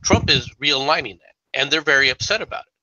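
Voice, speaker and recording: A man's voice: a little high, animated, quick pace, sharp tone, dry recording, highs cut off. A man on a casual political talk stream, arguing his points in a lecturing way with many okays. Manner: argumentative, lecturing, fillers like okay.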